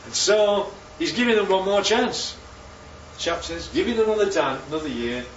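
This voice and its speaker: A man preaches a sermon with a fairly high, animated voice that leaps upward on key words. He asks the room question after question. He sounds roomy and set back from the microphone, a little dull, with faint ambience behind. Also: normal speed, recorded from a distance, a little hiss or hum. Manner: animated, rhetorical questions, swoops up for emphasis.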